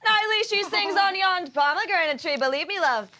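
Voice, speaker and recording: A woman's voice: extremely high pitch, expressive, normal speed, sharp tone, slight background noise, full character voice. A woman playing a pleading young Juliet in a comedic Shakespeare table read.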